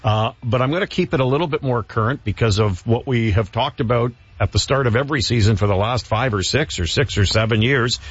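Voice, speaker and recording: A man hosting a casual hockey chat, chatty with quick affirmations and a husky voice. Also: medium pitch, no echo, highs cut off.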